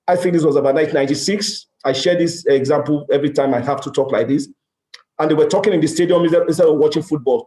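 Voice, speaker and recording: In a big, echoey conference hall, a middle-aged Nigerian man gives a motivational talk on business. His pitch is fairly high and his tone darkish, and his Nigerian accent comes through as he acts out exchanges and repeats lines emphatically.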